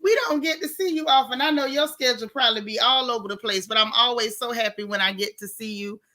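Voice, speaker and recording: A woman hosting a casual livestream, warmly greeting chat viewers one by one by name. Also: on the high side, fast talker. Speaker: livestream host. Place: home in Texas.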